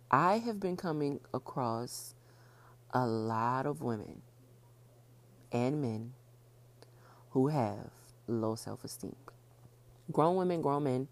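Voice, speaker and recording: A woman hosting her own podcast, talking fast and casually, repeating points for emphasis. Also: extremely low pitch, darkish tone. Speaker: podcast host. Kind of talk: casual solo podcast talk.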